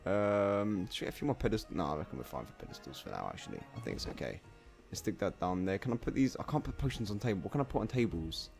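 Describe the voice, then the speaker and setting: A man doing casual let's play commentary, talking to himself and bursting into loud swearing exclamations. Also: lowish voice, sing-song, quick pace, creaky, soft background music. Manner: chatty self-talk, swearing, bursts of exclaiming. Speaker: gameplay commentator.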